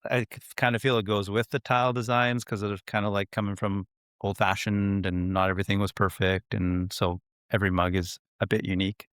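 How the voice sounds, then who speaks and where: A man who makes pottery, a guest in an interview, talking in a relaxed, plain-spoken way and laughing lightly. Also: lowish voice, brisk, clean tone, no echo, studio quality. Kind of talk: casual interview chat.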